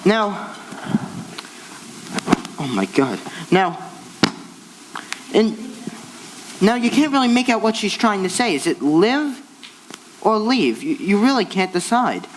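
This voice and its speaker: A man's voice: sits high, very animated, slow, pauses often, a little hiss or hum, heavily acted, rough recording. A man playing a wistful theatre fan who talks to the audience in rambling, confiding asides on a stage. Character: wistful male theatre fan narrating a record. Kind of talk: stage musical acting.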